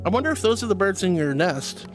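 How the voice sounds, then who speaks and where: Male streamer, high-pitched and sweet, reads chat and thanks fans with pet names, faint music behind. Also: fast. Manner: affectionate, calls viewers honey and darling; bursts into excited high squeals. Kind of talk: livestream chat reading.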